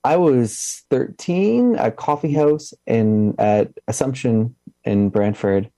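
A young man, a musician answering interview questions in a halting way, with restarts and a slight lisp. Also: medium pitch, animated, dark tone, no echo. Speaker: musician guest.

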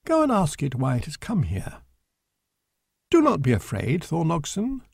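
A man reading a storybook aloud and voicing a calm grown man giving steady instructions in a slightly lowered voice. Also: unhurried, creaky, husky, dry recording, clean studio sound, full character voice. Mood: calm urging.

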